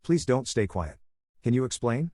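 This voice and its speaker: A man voicing a stern middle-aged father who presses with sharp questions, read in a steady narrating voice. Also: mid-range voice, normal speed, no echo. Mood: stern, angry.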